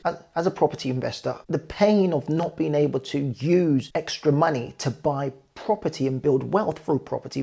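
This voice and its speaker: Man, property investor, gravelly, husky, mellow tone, earnest, emphatic. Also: on the high side. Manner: earnest, emphatic with figures, addresses viewers directly. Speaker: property investor and channel host. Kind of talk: explanatory talk to camera.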